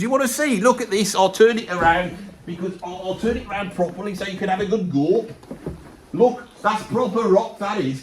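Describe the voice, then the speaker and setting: Bloke doing a chatty middle-aged brummie geezer, kinda high voice, rambles and says bloody a lot. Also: male voice, lightly acted. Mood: chatty boastful. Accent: Birmingham. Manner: rambling, peppered with "bloody", chummy asides. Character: rambling gossipy Birmingham bloke, ex-roadie. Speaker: comedy character ranking bands. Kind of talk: rambling comic monologue to camera.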